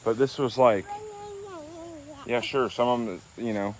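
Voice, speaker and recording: A man's voice: mid-range voice, steady tone, a little slow, slight background noise. A man talking casually on a family vlog, playfully teaching his toddler colors outdoors on a homestead. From West Georgia, USA. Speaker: father and homestead vlogger.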